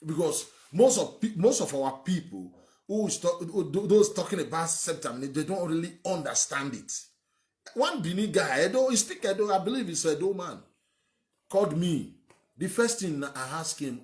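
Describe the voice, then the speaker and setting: Nigerian man, host, lively rising-and-falling delivery, repeats himself for emphasis, opinion piece. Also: fairly high pitch, moderate pace. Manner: emphatic, repetitive, rambling. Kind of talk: opinionated monologue.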